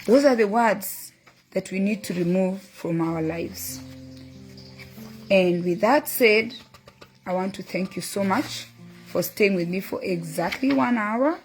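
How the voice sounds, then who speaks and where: A middle-aged woman hosting a motivational talk, earnestly telling a story and quoting her son and a book. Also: mid-range voice. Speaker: host.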